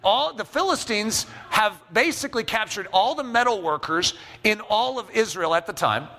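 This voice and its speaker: A man's voice: sits high, animated, normal speed, sharp tone, in a large hall. A man preaching a sermon, telling a personal story with self-mocking humor and checking in with the congregation. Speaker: pastor.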